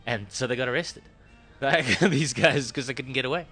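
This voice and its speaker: A man's voice: mid-range voice, moderate pace, sharp tone, soft background music. A man co-hosting a casual radio chat show, jokey and laughing often. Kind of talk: casual banter.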